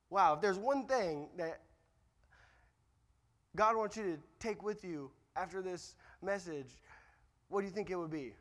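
A young man preaches in a high, lively voice, slipping in jokes and hammering home repeated lines. His words ring out with a long reverb from the hall. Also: a little slow. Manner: joking asides, repeats key lines. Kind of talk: sermon.

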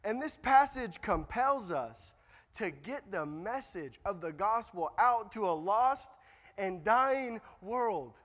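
A man's voice: sits high, animated, slow pace, a bit bright. A young man preaching a sermon, joking in asides and repeating his key lines for emphasis. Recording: long reverb of a hall.

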